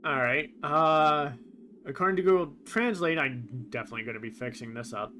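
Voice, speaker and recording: Man musing over game dialogue, slightly high. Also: brisk, bright, forceful tone, slight background noise. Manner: thinks aloud, reads quoted lines in a plain voice. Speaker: game streamer. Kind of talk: casual commentary on a game's translation.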